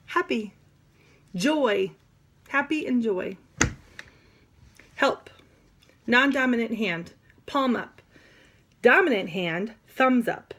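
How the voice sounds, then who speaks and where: A woman teaching sign language vocabulary in an animated, demonstrative way, with playful asides. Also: a little high. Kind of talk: classroom lesson.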